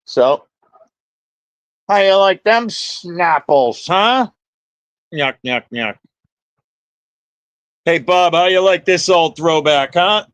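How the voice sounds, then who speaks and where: A man's voice: sits high, slow, dry recording. Profane, rambling New man. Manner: profane, jokey, chatting with viewers by name. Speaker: livestream host. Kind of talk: rambling livestream chat with viewers.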